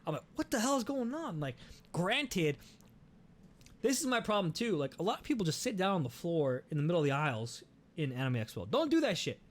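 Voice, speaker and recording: A young man hosting a podcast, telling a story in a casual, animated way, swearing often and restarting his sentences. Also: fairly high pitch, brisk. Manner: animated, profane, many restarts. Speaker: podcast host.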